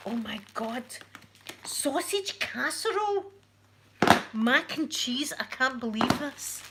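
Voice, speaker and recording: A Scottish woman hosting a casual unboxing vlog, excitable and emotional, gasping as she talks. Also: fairly high pitch, a little slow. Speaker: channel host. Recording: noisy with packaging crinkles.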